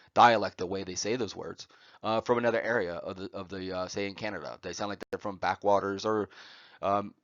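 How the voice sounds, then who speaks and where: A man giving a recorded poetry lecture over slides, often pausing on "uh" and checking in with "right?". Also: on the low side, a bit bright, no room sound, lo-fi sound. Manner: frequent "uh" fillers and "right?" check-ins.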